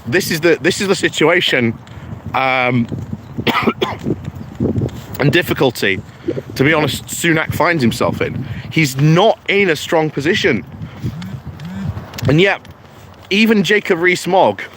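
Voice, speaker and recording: A man's voice: a little high, animated, noisy background. A British man hosting a political live stream, chatting casually and reading out viewer comments in a rambling way with many fillers. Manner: slow, rambling, with frequent fillers.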